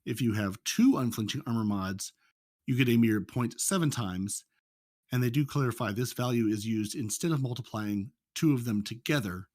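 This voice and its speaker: A man from the United States on a casual podcast, reading out game numbers in a deadpan, methodical way. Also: medium pitch, moderate pace, no echo, studio quality. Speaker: podcast co-host.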